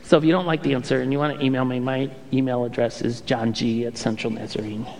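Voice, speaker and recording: A male pastor preaching a sermon with animated storytelling and playful impressions. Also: medium pitch, quick pace, long reverb tail, background noise.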